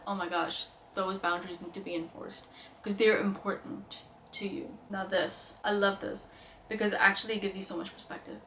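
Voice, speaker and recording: A woman's voice: mid-range voice, a bit bright, slight background noise. A young woman vlogger giving casual, earnest self-help advice, chatty and full of fillers. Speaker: lifestyle vlogger. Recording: roomy echo, mic at a distance.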